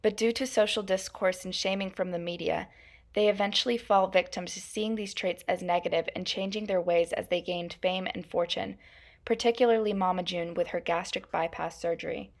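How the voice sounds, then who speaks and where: This young woman, a student giving a class presentation, has a lowish voice. She reads it out at a steady, measured pace and hedges frequently.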